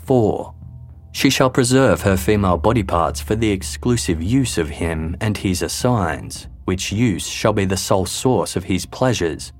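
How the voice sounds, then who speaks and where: A man reading a scripted true-crime narration in a measured, grave way. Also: low-pitched, lively intonation. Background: faint background music.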